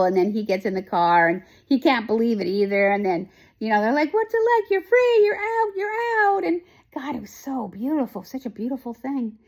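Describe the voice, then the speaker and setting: A woman hosting a casual chat, recapping a TV show with lots of emotion, rambling with many fillers and restarts. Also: mid-range voice. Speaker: host.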